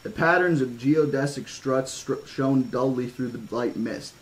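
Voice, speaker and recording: A man's voice: medium pitch, slight background noise, poor audio. Man reading a horror-toned novel. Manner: measured reading with casual asides. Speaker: audiobook reader.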